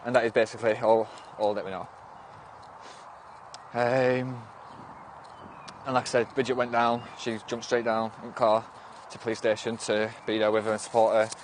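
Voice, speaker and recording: A man's voice: lowish voice, flat delivery, moderate pace, pauses often, a little hiss or hum. Rambling northern English man streaming. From Northwest England. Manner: rambling, restarts often, swears and snaps back at commenters. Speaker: livestream host. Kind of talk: casual livestream chat, reading and answering viewer comments.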